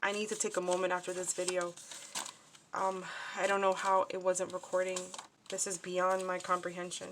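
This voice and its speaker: A woman's voice: fairly low pitch, completely flat delivery, moderate pace, fairly bright tone, slight background noise. Chatty woman showing off crafts. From New Jersey, USA. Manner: chatty, scattered, many fillers and restarts. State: upset and shaken. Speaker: crafting vlogger. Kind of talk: casual crafting show-and-tell.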